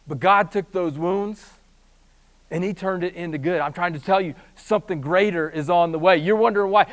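Male pastor, high voice, dramatic sermon delivery that drops to near-hushed and surges to loud, joking asides. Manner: swings from near-hushed, slow delivery to loud, fast preaching; animated storytelling with humorous asides.

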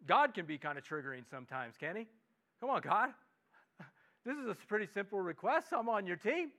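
Man, Midwestern accent, pastor, earnest sermon, high voice, loud pleas. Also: big pitch swings, brisk. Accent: Midwestern American. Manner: earnest, repeats words, rises to loud pleas. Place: church service, streamed.

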